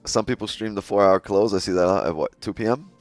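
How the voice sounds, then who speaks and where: Low-ish guy streaming trades live, laughs a lot, cusses, faint music behind. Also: fairly quick. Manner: laughs often, swears, talks to chat. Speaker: day-trading livestream host. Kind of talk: casual live trading commentary.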